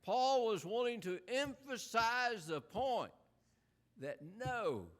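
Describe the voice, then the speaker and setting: A man's voice: extremely high pitch, very animated, slow, fairly bright tone. A man preaching a sermon in an earnest, emphatic way, full of rhetorical questions.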